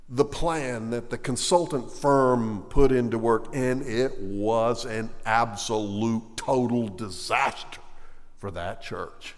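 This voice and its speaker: A male preacher giving a sermon, swinging between loud, emphatic lines and hushed, slow ones. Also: medium pitch, in a large hall.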